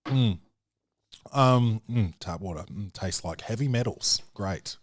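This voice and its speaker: A man's voice: fairly low pitch, lively intonation, slow pace. A man hosting a podcast, riffing in a loose, profane, comedic way and calling the listener dude and man. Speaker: podcast host. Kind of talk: casual comedic review chat.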